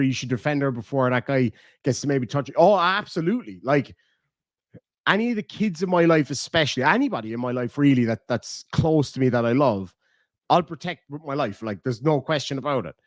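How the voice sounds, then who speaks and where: A man's voice: fairly high pitch, expressive, brisk, no room sound, studio quality. Man, southern irish accent, blunt, profane, casual livestream chat. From Ireland. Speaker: streamer.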